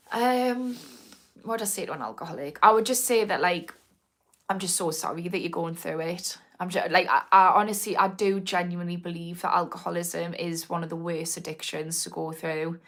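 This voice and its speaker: A woman's voice: on the low side, normal speed, a bit bright. A woman with a North East English accent, an addiction recovery coach chatting on a live stream, rambling with many restarts. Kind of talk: live stream chat answering comments.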